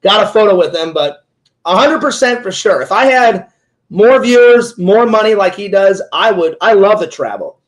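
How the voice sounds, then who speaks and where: Chatty high-voiced man telling stories. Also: lively intonation, moderate pace. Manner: talkative, repeats "he goes" and "like". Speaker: interviewer, Twitch streamer. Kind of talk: casual chat, rambling storytelling.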